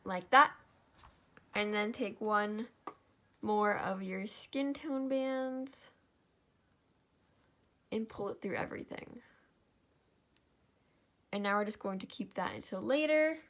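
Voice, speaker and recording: A young woman walks through a craft tutorial at a slow, easy pace. She sounds tired, yawns often and keeps apologizing, counting stitches aloud as she goes. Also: mid-range voice, fairly bright tone. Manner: sleepy, yawning and apologetic. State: tired, yawning.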